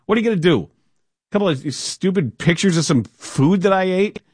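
A man's voice: high voice, breathy edge, dry recording. Radio guy rambling through stories, dry studio sound, does goofy voices. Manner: animated storytelling, does quick voices. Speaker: sports radio host. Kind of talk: casual talk radio monologue. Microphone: studio mic.

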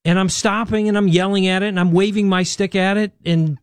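A male caller on a talk radio line with a slightly high voice. He rambles and grows agitated, and the sound is dry and close. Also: steady tone, fairly quick, clean tone, dry recording. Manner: agitated, rambling, repeats himself. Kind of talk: call-in radio chat.

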